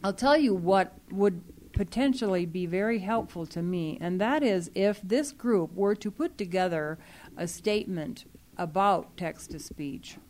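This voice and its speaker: Woman, lowish voice, earnest meeting talk, explains at length with fillers. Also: darkish tone. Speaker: library program staff speaking to a user group. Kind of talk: meeting discussion.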